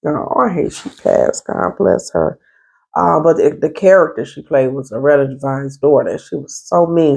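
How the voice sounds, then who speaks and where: A therapist speaks to her viewers from her apartment in a stern, emphatic way. Her voice is fairly low, dark and husky. Her pitch swings widely as she presses each point home. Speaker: therapist and life coach. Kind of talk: casual advice vlog.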